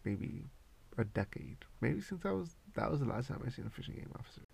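Gravelly, swearing laid-back podcast host. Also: male voice, mid-range voice, sing-song, brisk, darkish tone, no room sound. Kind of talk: casual rambling monologue.

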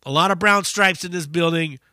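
Brief: male podcast host, swears freely while telling a story, very bright voice, dry close sound. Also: a little high, fairly quick, no room sound. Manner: profane, animated storyteller. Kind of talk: casual storytelling monologue.

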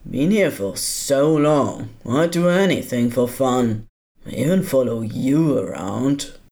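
A man voicing a bored, gleeful male ghost in a fan audio drama, slow and teasing. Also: mid-range voice, lively intonation, darkish tone. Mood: flippant. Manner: flippant, teasing. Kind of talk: podfic voice acting.

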